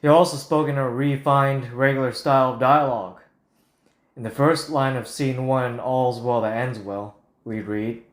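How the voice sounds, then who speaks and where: A man delivers a scripted Bible talk in a blunt, combative manner, reading it aloud at a mid pitch. His voice carries a noticeable echo, as if he were in a roomy space. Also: fairly even intonation, moderate pace. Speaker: Bible teacher.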